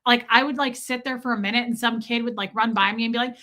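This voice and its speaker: A woman's voice: fairly high pitch, steady tone, fast talker, sharp tone. A woman in her thirties hosting a live stream, chatting casually, telling a story with exaggerated quoted voices and reading out viewer comments. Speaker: livestream host.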